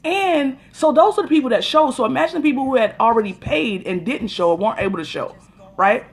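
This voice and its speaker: A woman's voice: high-pitched, animated, brisk, slightly rough. A woman hosting a casual phone livestream, telling an exasperated story and greeting viewers by name as she goes. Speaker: livestream host.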